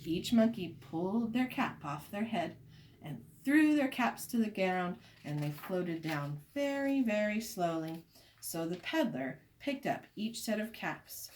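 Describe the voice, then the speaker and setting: Slow, expressive woman reading a picture book. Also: fairly low pitch, background noise. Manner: slow, expressive, invites listeners to join in. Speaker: storyteller reading to children. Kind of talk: children's story read-aloud.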